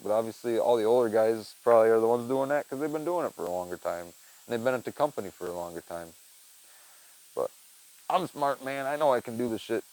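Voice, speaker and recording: A young man chatting casually on his own, rambling and swearing, dropping to mumbles and then getting loud. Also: medium pitch, slight background noise, low-quality recording. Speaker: podcast host. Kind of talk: casual solo chat.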